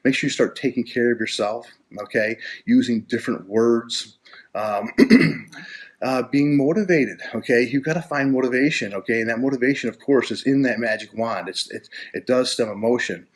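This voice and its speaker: A man giving a motivational coaching talk, earnest and repetitive, ending almost every phrase with "okay?" and often clearing his throat. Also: mid-range voice, moderate pace. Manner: repetitive, earnest, with many restarts. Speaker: life coach.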